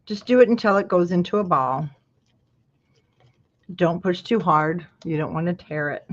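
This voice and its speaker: Woman, from Utah, craft tutorial host, chatty with asides, slightly low voice, muffled lo-fi audio. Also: moderate pace. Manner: chatty, breaks off into asides to her husband and viewers.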